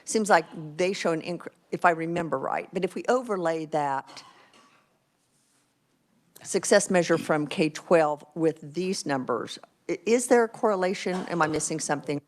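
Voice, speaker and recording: A woman with a notably low pitch questions a presenter in a committee hearing. She thinks aloud as she works through the numbers, polite and a little apologetic. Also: lively intonation, normal speed. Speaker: legislator, vice chair. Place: legislative committee room.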